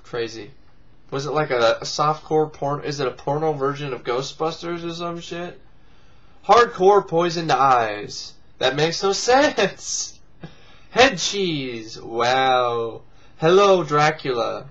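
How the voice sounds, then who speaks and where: A man's voice: a little high, animated, slow pace, fairly bright tone, muffled recording. A man hosting a video blog, giving sarcastic, profane comic commentary and mocking things in squealed put-on voices. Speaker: vlog host. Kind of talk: casual comedic commentary.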